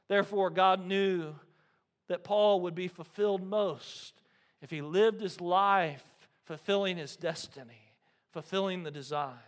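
A man in his thirties, a pastor preaching a sermon, telling stories with lively energy and often checking in with the congregation. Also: sits high, measured pace. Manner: animated storytelling, frequent "right?" to the congregation.

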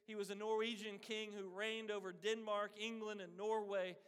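A man's voice: sits high, little pitch movement, normal speed, a bit bright, clean tone. A man preaching a sermon, telling a story and acting out the voices of its characters. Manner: earnest preaching, acts out quoted voices. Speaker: pastor. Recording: long hall reverb.

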